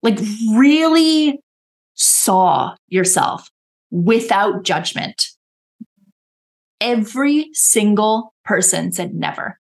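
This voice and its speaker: A woman's voice: medium pitch, animated, drawn-out words, long pauses. A woman coach talking earnestly in a casual podcast conversation, often acting out her own inner dialogue in quoted voices. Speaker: guest coach.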